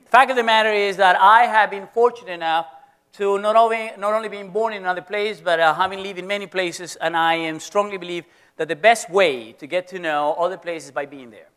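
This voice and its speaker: A man's voice: sits high, fairly quick, fairly bright tone, smooth. A middle-aged man with a Venezuelan Spanish accent, a business school professor giving a playful, teasing lecture to students in an auditorium.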